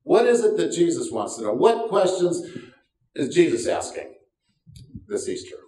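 A man's voice: fairly high pitch, big pitch swings, moderate pace, dark tone. An older man preaching a sermon as pastor, folksy and self-deprecating, with wry asides. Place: church sanctuary. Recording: roomy sound from a distance.

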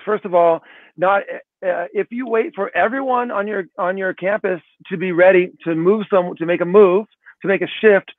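A man being interviewed as a guest author, talking in an energetic, emphatic way and often ending points with tag questions. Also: sits high, no room sound. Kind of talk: podcast interview answer. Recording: tinny dry phone line.

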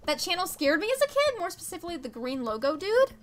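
A teenage girl streaming a video game, chatting casually and reacting to viewer messages with excitable, rambling enthusiasm. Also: very high voice, quick pace, a little hiss or hum. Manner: chatty, excitable, reads chat aloud.

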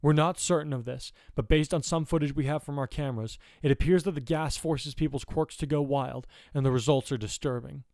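A man's voice: a little high, steady tone, fairly quick, hardly any pauses, a little mellow, dry recording, clean studio sound, voice pushed up, natural voice. A man doing an urgent news anchor. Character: grim male TV news anchor.

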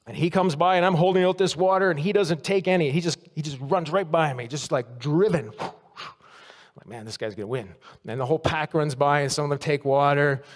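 A man preaching a sermon in a church, telling a story and acting out the quotes with lively swings. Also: fairly high pitch. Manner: storytelling, animated, acts out quotes. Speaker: pastor. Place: church sanctuary. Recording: long reverb of a church hall.

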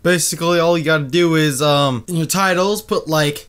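A man's voice: fairly high pitch, steady tone, normal speed, few pauses, a bit bright, clear, resonant tone. A young man giving a mock tutorial in a casual, profane way and mocking a hype voice in the quoted bits. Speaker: YouTuber.

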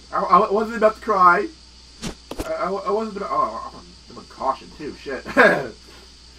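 Young man, high lively voice, excitable let's-play commentary, noisy distant mic. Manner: excitable, swears, shrieks when startled. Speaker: gameplay commentator.

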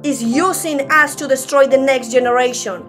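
A woman's voice: high voice, normal speed, a bit bright, soft background music. A woman preaching a sermon at a church service in a conversational way, often restarting her sentences.

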